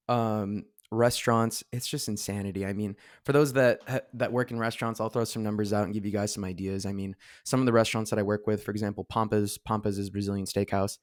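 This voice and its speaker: A man's voice: lowish voice, dry recording, clean studio sound. A man co-hosting a casual podcast, rambling with lots of filler words and restarts. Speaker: podcast co-host. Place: studio seated across from co-host.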